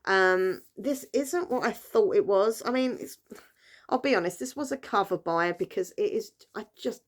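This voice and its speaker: A British woman talks casually to her camera, rambling and correcting herself as she goes. Her voice sits at an ordinary middle pitch, and her relaxed chat is full of little fillers. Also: normal speed. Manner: chatty, rambling, lots of fillers and self-corrections. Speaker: book vlogger.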